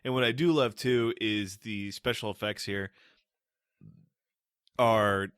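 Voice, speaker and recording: A man's voice: lowish voice, steady tone, takes it slowly, fairly bright tone, clear, resonant tone, dry recording, studio quality. A man co-hosting a podcast, talking about a film in a wry, profane, casual way. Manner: wry, profane, acts out quotes. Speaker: podcast co-host.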